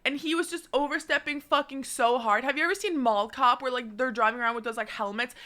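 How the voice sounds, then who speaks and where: A young woman from Norway telling a story on a live stream, swearing often in a quick, animated way. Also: sits high.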